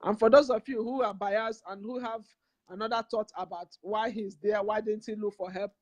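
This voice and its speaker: A woman's voice: medium pitch, fairly even intonation, normal speed, a little mellow, no echo. Nigerian lady preaching on her vlog, repeats herself a lot, emphatic, dry close sound. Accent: Nigerian English. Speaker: community vlogger. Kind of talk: impassioned vlog appeal.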